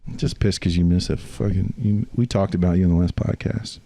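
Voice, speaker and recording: A man's voice: low-pitched, a little fast, gravelly, dark tone, no echo. A man on a podcast, teasing a friend and swearing freely in casual banter. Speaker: podcast co-host. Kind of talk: casual chat.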